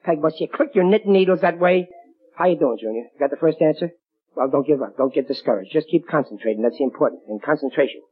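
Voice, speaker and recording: Brief: high, fast-talking husky sitcom dad, bossy and exasperated, from a tinny old radio broadcast. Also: male voice. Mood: coaxing, lecturing. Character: blustering, fussy working-class dad. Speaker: father of the household. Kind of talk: 1940s radio sitcom acting.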